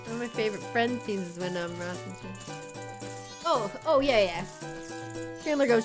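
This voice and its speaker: A woman's voice: on the high side, lively intonation, moderate pace, long pauses, soft background music. A young woman streaming a video game, chatting casually and giggling as she reads the text aloud. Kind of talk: casual gameplay chat.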